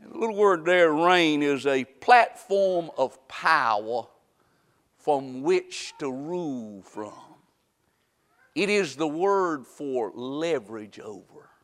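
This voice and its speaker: A high-pitched male preacher delivers a dramatic sermon. He jumps from loud, mocking exclamations to hushed, drawn-out lines. His voice rings with the long reverb of a church hall. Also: animated. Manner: dramatic, swings from shouting to hushed, mocking asides.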